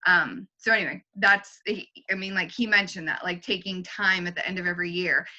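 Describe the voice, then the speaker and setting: A woman's voice: on the low side, normal speed, bright, forceful tone, lo-fi sound. A young adult woman talking casually in a book discussion, rambling with fillers and restarts. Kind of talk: casual chat.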